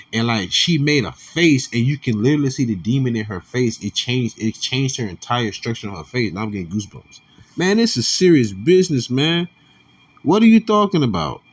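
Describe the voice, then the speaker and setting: A man giving casual religious commentary, reading scripture aloud with slang and quiet muttered asides. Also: medium pitch, slightly rough.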